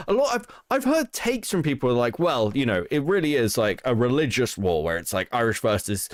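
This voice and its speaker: A man talking loosely on a livestream, his pitch swinging up and down as he rambles and swears. The sound is close and dry, with no room around his voice. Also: no room sound. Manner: rambling, sweary, often restarts. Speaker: stream co-host. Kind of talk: casual chat.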